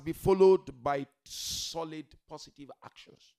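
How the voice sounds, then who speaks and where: A man preaching a religious sermon to a seated gathering, emphatic, swinging from loud declarations to quiet murmurs and addressing the listeners directly. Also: on the high side, lively intonation, unhurried, creaky, long pauses. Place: gathering hall with a seated audience.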